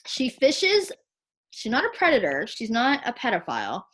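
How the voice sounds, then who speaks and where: A woman's voice: on the high side, huge pitch swings, normal speed, fairly bright tone. A woman talking about her child on a video call. She speaks bluntly, swears often and acts out what others said. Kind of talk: heated casual chat.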